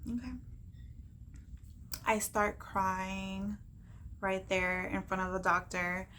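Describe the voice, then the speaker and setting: A woman vlogger telling a personal story to camera, animated and encouraging, acting out what others said and laughing often. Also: mid-range voice, takes it slowly, a little hiss or hum. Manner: animated, acts out quoted dialogue, laughs often; encouraging, faith-filled pep talk.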